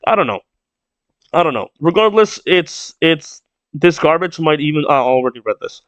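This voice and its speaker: A man's voice: a little high, big pitch swings, normal speed, no room sound. A man reading a comic aloud and reacting, rambling and thinking aloud as he goes. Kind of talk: casual read-along reaction.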